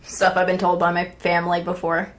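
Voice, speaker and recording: A woman streaming a casual chat from home, rambling along with fillers and restarts and clearing her throat now and then. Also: on the low side, monotone, a little fast. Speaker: live streamer.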